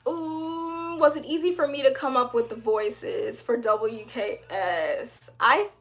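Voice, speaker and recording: High, upbeat young woman livestreamer. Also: slow pace. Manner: animated and upbeat, laughs often, uses slang. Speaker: livestream host, animator. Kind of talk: casual livestream chat reading comments.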